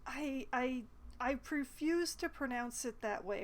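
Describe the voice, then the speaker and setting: High pitched woman playing a game on stream, wry and exasperated, reads options out loud. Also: expressive, a little slow. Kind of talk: casual gameplay commentary.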